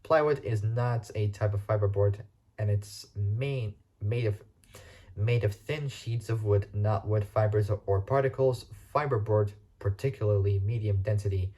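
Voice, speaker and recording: A man's voice: lowish voice, steady tone, moderate pace, warm tone. A man reading car facts aloud for a casual video, stumbling and restarting often and spelling out words he can't pronounce.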